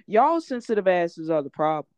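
A woman's voice: fairly low pitch, big pitch swings, normal speed, a little mellow, clean tone, dry recording. A woman content creator speaking indignantly and emphatically in a casual chat, with frequent swearing.

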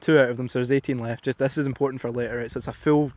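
A man's voice: mid-range voice, rapid-fire. Swearing young man telling stories. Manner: animated, sweary, tags lines with "right?". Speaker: podcast guest, rapper. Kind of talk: casual storytelling chat.

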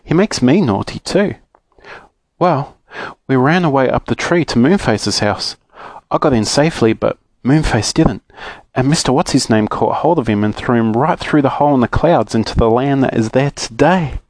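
An Australian man voicing a gentle fairy girl who talks in a fretful, sobbing way while reading a storybook aloud. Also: medium pitch, lively intonation, moderate pace, dry recording, voice pushed up, close to an everyday voice. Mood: tearful.

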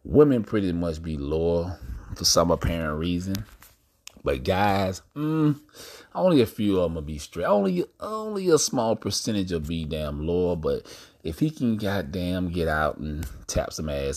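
A man with a very low voice hosts his own podcast, holding forth alone in a loose, rambling monologue. He speaks bluntly and swears freely, turning often to address his listeners directly. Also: lively intonation, normal speed, a little mellow. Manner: blunt, profane, preachy asides to listeners. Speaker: podcast host. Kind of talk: casual monologue.

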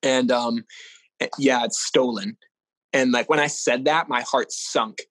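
A young man casually telling a personal story as an interview guest, in an animated way and with lots of "like". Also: medium pitch, takes it slowly, no echo, low-quality recording. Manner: animated, fills speech with "like".

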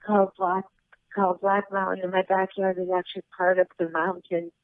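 A woman guest chatting over the phone, relaxed and laughing between stories. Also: medium pitch, fairly quick, no echo. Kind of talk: casual phone interview. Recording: tinny phone line.

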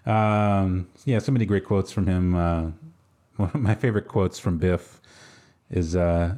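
A man hosting a podcast, rambling in relaxed, casual chat with plenty of fillers. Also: deep voice, unhurried. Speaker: podcast host.

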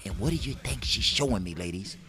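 A man's voice: lowish voice, fairly quick. A man joking with his wife, telling comic stories and acting out quotes, often laughing. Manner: animated, laughing, acts out quotes. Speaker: vlog co-host with his wife. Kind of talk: comic storytelling chat.

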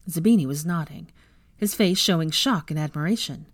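A woman reading fan fiction aloud with an expressive reading voice. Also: low-pitched, a little fast, no echo, clean studio sound.

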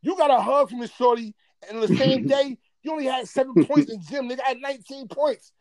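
A man telling a stand-up story, animated and profane, getting loud and laughing as he talks. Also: very high voice, fairly quick, few pauses. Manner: gets loud and excitable, often laughing mid-sentence. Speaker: comedian.

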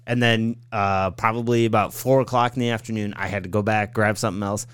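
Laid-back low-voiced man chatting. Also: steady tone, fairly quick, smooth, no room sound, clean studio sound. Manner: laid-back storytelling, says like and right on. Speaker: podcast co-host. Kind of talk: casual chat.

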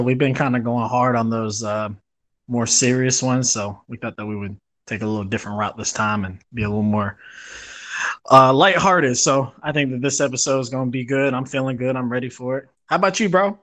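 A man's voice: medium pitch, fairly quick. A young man co-hosting a casual sports podcast, easygoing and mock-serious. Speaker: podcast co-host.

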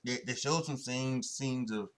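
A man's voice: medium pitch, measured pace. A young man hosting a solo sports podcast, talking in a rambling way with many restarts and fillers and frequent chuckles. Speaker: podcast host.

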